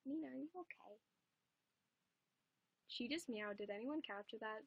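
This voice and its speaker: A woman's voice: a little high, animated, brisk, a bit bright, no echo. A young adult woman chatting casually on a home livestream, rambling and swearing casually.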